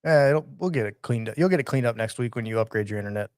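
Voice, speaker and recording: He hosts a podcast in easygoing chat, steering it with wry asides. His pitch sits mid-range and the sound is dry. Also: animated, fast, darkish tone, dry recording. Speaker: podcast host.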